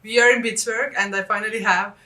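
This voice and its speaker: A woman from Estonia, telling travel stories in a casual vlog and acting out the dialogue with lively jumps in pitch. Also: quick pace, roomy sound. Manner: animated, acts out quoted dialogue with big pitch jumps. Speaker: vlogger.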